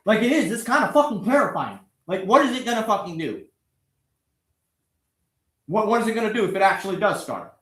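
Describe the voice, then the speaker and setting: A man's voice: sits high, animated, a little fast, long pauses, a bit bright, reverberant. A man ranting angrily and sarcastically at a motorbike engine that won't start, swearing constantly and a bit out of breath. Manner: angry, profane, sarcastic rant at an engine. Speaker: vlogger working on a motorbike. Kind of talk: ranting to the camera while wrenching.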